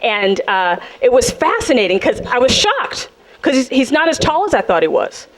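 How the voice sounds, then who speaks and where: A woman from South Central Los Angeles performing a sassy, animated stand-up set, jumping into character voices. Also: on the high side, moderate pace, a crowd in the background. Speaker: stand-up comedian. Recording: live club set with loud audience laughter. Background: audience laughing.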